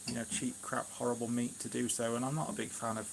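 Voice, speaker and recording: A man with a Shropshire English accent chats in a loose, rambling way, full of fillers and side remarks. He sounds relaxed and homely, talking to viewers from his kitchen on a casual live stream. His voice sits at an ordinary middle pitch. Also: fast talker, gravelly, slight background noise. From England, Shropshire. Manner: rambling, chatty, many fillers and asides. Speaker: gardening vlogger, live streamer.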